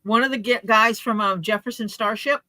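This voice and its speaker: A podcast co-host with a bright, forceful voice, telling anecdotes in relaxed, talkative chat. The voice comes through a speaker, and the sound stays dry with no room echo. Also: mid-range voice, moderate pace. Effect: coming through a speaker. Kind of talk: casual chat.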